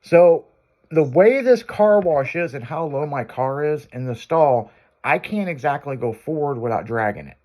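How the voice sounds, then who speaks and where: A man's voice: on the high side, animated, moderate pace, a little mellow. A man hosting a radio show, telling a long crude story in loose casual talk.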